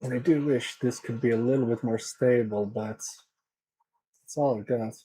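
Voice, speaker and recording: A man's voice: medium pitch, steady tone, normal speed, dark tone, rough recording. A man from Sweden chatting casually with his live chat while repairing electronics, often muttering to himself as he works.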